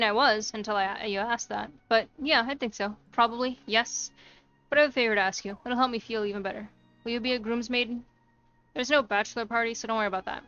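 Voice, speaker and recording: A woman's voice: on the high side, fairly bright tone, clean tone, lo-fi sound, natural voice. A woman reading a flustered, chatty young bride-to-be from a game. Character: nervous young bride-to-be planning a DIY wedding. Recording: faint music behind.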